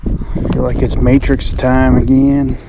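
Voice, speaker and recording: Outdoors on a lake, a man fishing from a boat narrates casually, chatting excitedly to himself in an unhurried, medium-pitched voice with vocal fry. The fishing vlogger's mic picks up wind and outdoor noise.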